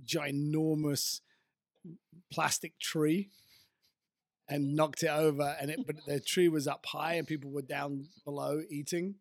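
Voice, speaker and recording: A man's voice: on the high side, little pitch movement, measured pace, no room sound. A man from Europe co-hosting a casual chat, telling dry, wry anecdotes. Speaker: podcast co-host.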